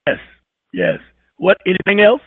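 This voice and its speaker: High-voiced guy rambling on a radio show, halting, dry tinny phone-like sound. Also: huge pitch swings, breathy edge, no room sound. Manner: rambling, halting, repeats words while searching. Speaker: radio talk show host. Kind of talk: casual radio talk.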